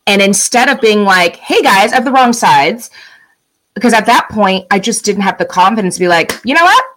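A middle-aged woman in casual conversation as a guest, telling a story with lively acted-out quotes. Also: medium pitch, a little fast, poor audio. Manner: animated storyteller, acts out quoted lines. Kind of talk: casual chat.

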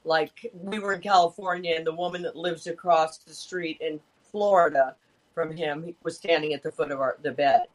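Male co-host with a high voice, chatty and rambling. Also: steady tone, normal speed. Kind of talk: casual chat.

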